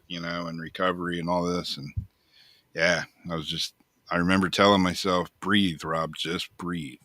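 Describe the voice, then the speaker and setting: With no echo in the recording, a low-voiced male co-host of a casual talk show spins a story in a loose, foul-mouthed, animated way, breaking into frequent laughter.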